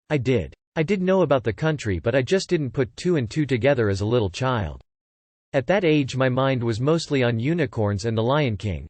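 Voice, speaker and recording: A man narrating online posts aloud with an even, steady read-aloud delivery. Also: medium pitch, no echo.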